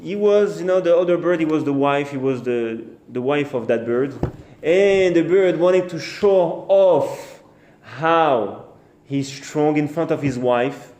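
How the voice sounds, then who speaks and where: Halting rabbi telling a story in an echoey room. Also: male voice, fairly high pitch, animated, darkish tone. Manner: halting, repeats and restarts phrases; acts out the birds and the king in short quoted bits. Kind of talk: storytelling sermon. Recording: echoey room with faint noise.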